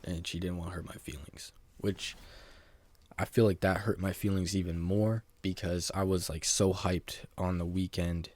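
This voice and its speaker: Deep-voiced young man rambling a storytime. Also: level tone, normal speed, a little mellow. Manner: rambling, heavy use of "like" and "bro", self-mocking. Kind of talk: casual storytime monologue.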